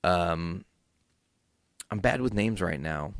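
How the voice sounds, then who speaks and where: A young man hosting a podcast alone, recapping excitedly, rambling and swearing freely. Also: sits low, slow, dry recording, studio quality. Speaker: podcast host. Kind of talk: casual solo recap.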